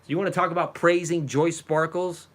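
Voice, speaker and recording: A man in a furious, foul-mouthed reaction rant, with a high and sharply bright voice. He swings from low grumbling to outright shouting, cursing freely as he tears into what he's watching. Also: steady tone, a little fast. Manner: furious and profane, at times shouting. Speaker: reaction video host. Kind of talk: angry rant reacting to a clip.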